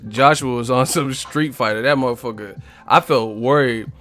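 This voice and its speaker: A young man hosting a casual live boxing stream, talking loud and profane, laughing often and mocking what he talks about. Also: medium pitch, normal speed, faint music behind.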